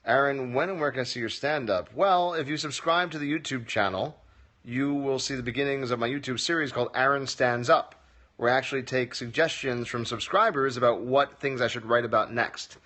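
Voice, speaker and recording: A man's voice: medium pitch, fairly quick, bright, forceful tone. Wry man answering livestream comments. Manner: wry, joking, reads comments aloud and answers. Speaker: comedy teacher answering viewer questions. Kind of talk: casual livestream Q&A. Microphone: phone livestream.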